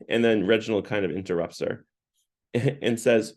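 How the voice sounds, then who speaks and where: A man's voice: fairly low pitch, brisk. A man leading a parish Lent book talk, retelling scenes in a conversational way with frequent restarts. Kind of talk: casual retelling and teaching talk.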